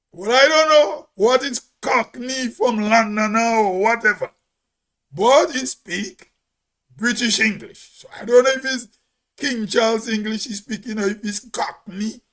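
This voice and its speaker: A man's voice: sits high, fairly bright tone. A man, hosting his own channel, tells a story in a rambling casual monologue, repeating and restarting his phrases. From Grenada. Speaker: channel host. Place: Toronto.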